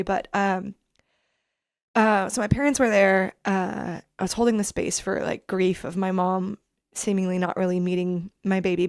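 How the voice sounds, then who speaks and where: Gravelly-voiced woman telling a personal story. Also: mid-range voice, no room sound, studio quality. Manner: rambling, many fillers and restarts. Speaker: podcast guest. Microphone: video call.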